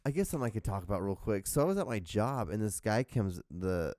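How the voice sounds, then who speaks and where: A man's voice: fairly low pitch, big pitch swings, fast, a little mellow, no echo. A young man hosting his own show, rambling casually with lots of fillers and restarts, sounding tired, his voice starting to go. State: tired, voice going out. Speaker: host.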